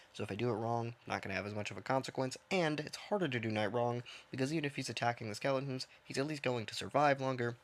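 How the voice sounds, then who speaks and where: A man giving casual, rambling commentary while he plays a game, mocking himself and thinking out loud from his own dim room. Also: medium pitch. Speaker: gaming streamer.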